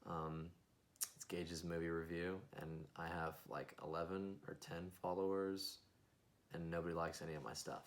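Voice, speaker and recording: A man's voice: deep voice, level tone, moderate pace. A young man co-hosting a podcast, chatting casually and rambling through stories with jokey asides. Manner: joking, rambling, acts out little voices. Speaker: podcast co-host. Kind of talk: casual chat.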